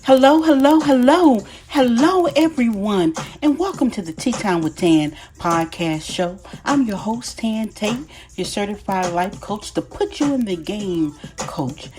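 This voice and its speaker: A woman's voice: medium pitch, animated, a little slow, few pauses, darkish tone. A woman from Texas with a Southern accent hosting a podcast, talking in an enthusiastic, folksy way as a life coach. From Texas, USA. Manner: enthusiastic, folksy, repeats greetings. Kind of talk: upbeat podcast monologue.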